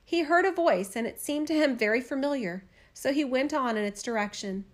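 Woman storyteller, fairy tale read aloud, somewhat high voice, expressive, measured.

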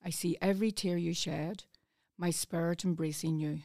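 A woman reads a poem aloud with a mellow, fairly low voice. Her delivery is soft and earnest. She is recorded close on a studio microphone with a dry sound. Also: fairly even intonation, moderate pace, gravelly, dry recording. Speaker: community volunteer reading a poem. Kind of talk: reading poetry aloud.

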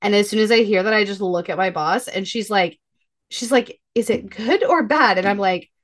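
A woman in her thirties talks in a casual podcast chat with a mid-range voice. She tells family stories in a lively way and jumps into higher voices when she quotes her children. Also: a little fast. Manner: animated storyteller, acts out her kids' voices. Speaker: podcast co-host.

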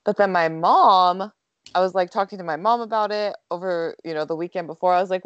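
A woman's voice: medium pitch, moderate pace, no echo, highs cut off. A young woman telling a personal story in a casual chat, chatty and full of filler words, laughing often.

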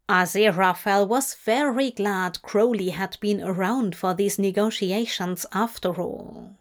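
A woman giving a steady, measured narration of a fan-fiction story. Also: mid-range voice. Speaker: audiobook reader.

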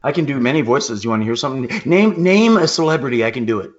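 Male podcast co-host, bright, animated delivery, profane and playful, lo-fi audio. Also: mid-range voice, fast talker. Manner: swearing, animated, does silly voices. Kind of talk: casual chat. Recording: dull lo-fi sound.

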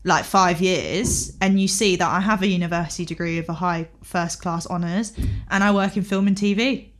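Animated young woman telling a story. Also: lowish voice, normal speed. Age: 20s. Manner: animated storyteller, acts out quoted dialogue. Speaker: podcast co-host. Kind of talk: casual chat.

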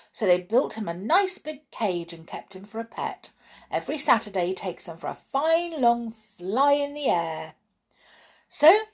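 A woman reading a children's fairy tale aloud in a gentle, expressive storytelling manner. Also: mid-range voice, breathy edge. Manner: gentle, expressive reading with lively dialogue voices.

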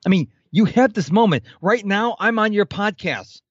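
A man's voice: sits high, expressive, moderate pace, breathy edge, no echo, muffled recording. A man in his fifties, a podcast guest, talking animatedly in a casual interview and acting out the people he quotes. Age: 50s.

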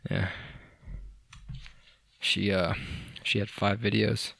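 A man's voice: lowish voice, little pitch movement, slow pace, creaky, a bit bright, dry recording. A young man co-hosting a casual podcast, rambling and joking with lots of fillers, restarts and swearing. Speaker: podcast co-host. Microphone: studio microphone.

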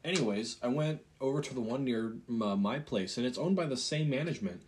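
A man's voice: mid-range voice, a little fast, darkish tone, a little hiss or hum. A young man co-hosting a podcast, telling work stories in casual chat and swearing freely. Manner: swears a lot, acts out customers in retold scenes. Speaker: podcast co-host.

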